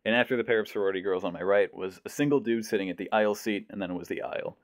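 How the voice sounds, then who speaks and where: A young man on a podcast telling a long, animated story about a lecture hall and acting out the other people in it. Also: lowish voice, very fast, studio quality. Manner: animated storyteller, mimics voices. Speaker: podcast host. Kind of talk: casual storytelling.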